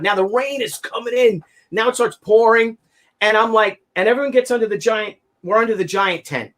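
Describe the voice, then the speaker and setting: A man with a high voice hosts a casual chat show. He tells stories in a slangy, excitable way and acts out every person he mentions. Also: fast. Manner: animated, acts out the people in his stories. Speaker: show host.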